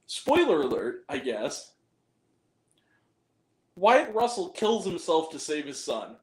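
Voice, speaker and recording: A man's voice: fairly high pitch, sing-song, takes it slowly, a little mellow. Blunt, foul-mouthed male movie reviewer. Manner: blunt, profane, rambling. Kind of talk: casual video review. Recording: roomy echo.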